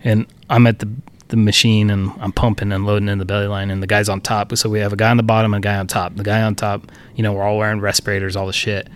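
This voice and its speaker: A man's voice: on the low side, flat delivery, quick pace, clean tone. A man co-hosting a podcast, telling a workplace story in a loose, profane, chuckling way. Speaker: podcast co-host. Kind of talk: casual storytelling chat.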